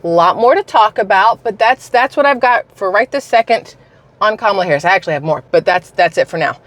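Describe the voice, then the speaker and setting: A woman's voice: medium pitch, expressive, fairly quick. A woman vlogger giving a casual, emphatic opinion rant, talking straight to her viewers with open scorn. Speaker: political commentary vlogger.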